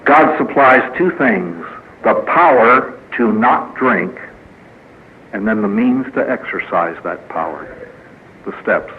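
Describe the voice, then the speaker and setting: A man's voice: fairly low pitch, animated, slow, phone-quality sound, slight background noise. A man who is a priest, speaking at a recovery meeting in a folksy storytelling manner with jokes and acted quotes. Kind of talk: speaker meeting talk with humor. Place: meeting hall before a live audience.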